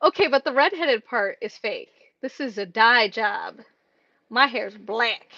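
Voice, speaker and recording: A woman's voice: on the high side, animated, measured pace, sharp tone, highs cut off. A woman chatting casually on a live stream while packing craft orders, rambling with lots of fillers. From Mexico. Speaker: craft shop owner streaming.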